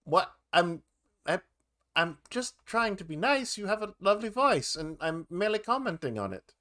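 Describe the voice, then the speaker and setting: A man's voice: high voice, very animated, moderate pace, pushed and bright, pitched above the performer's own voice, heavily acted. A man doing a smug, flirty halfling bard. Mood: smooth. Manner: theatrical, smooth-talking, grandiose self-introductions. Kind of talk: tabletop role-play character voice.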